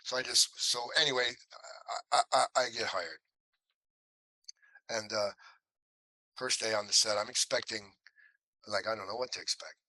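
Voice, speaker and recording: A man's voice: fairly low pitch, moderate pace, long pauses, no echo, low-quality recording. A man telling stories from his acting career in an interview, acting out the voices of the people in them. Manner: animated storyteller, acts out quotes. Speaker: actor guest. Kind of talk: storytelling interview.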